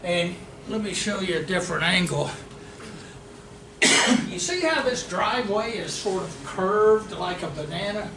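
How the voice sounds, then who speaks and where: Middle-aged male trainer, animated storyteller; roomy room, distant mic, noisy background. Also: high-pitched, unhurried. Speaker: real estate investing trainer. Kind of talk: storytelling seminar talk. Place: meeting room of an investors' association.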